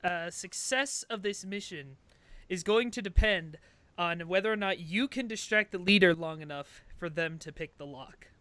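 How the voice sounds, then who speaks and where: A man's voice: high-pitched, moderate pace, pushed and bright, no echo. A man running a tabletop game as game master, who laughs easily as he narrates.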